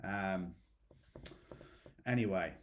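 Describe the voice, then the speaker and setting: A man's voice: low voice, extremely slow. A man coaching his fitness clients in a blunt, motivational talk, calling on them by name and checking in with "okay?". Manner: blunt, repeats "okay?", swears freely.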